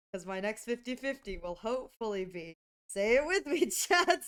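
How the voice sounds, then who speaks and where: High, bubbly woman streamer. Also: normal speed, clean tone. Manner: excitable, giggly, frequent exclamations. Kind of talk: casual live-stream chat.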